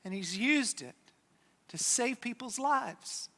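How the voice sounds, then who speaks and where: Slow bright-voiced pastor in a reverberant church. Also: medium pitch, animated. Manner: storytelling, retelling scripture with dramatic pauses. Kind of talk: sermon. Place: church sanctuary. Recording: long church hall reverb.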